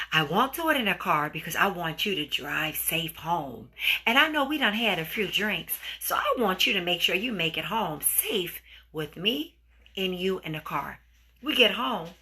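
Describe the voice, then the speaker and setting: Brief: woman podcast host, lively swooping delivery, bright tone, acts out voices. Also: mid-range voice. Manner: animated, acts out dialogue with sound effects. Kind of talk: storytelling relationship advice.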